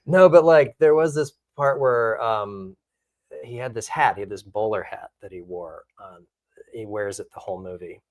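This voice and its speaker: A middle-aged man, an actor and guest, telling a rambling, self-mocking anecdote in a casual, animated way. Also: lowish voice, normal speed, no room sound. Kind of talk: casual storytelling.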